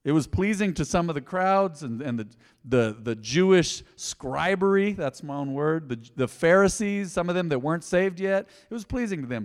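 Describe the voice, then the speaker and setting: Preacher guy, kinda high voice, lots of reverb, gets loud then drops way down. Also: normal speed. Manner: animated preaching, acting out quotes. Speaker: pastor. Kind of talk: sermon.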